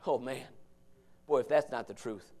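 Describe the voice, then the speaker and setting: A man preaching a fiery sermon from the pulpit, dropping to low murmurs and then rising to shouts. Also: moderate pace. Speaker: pastor.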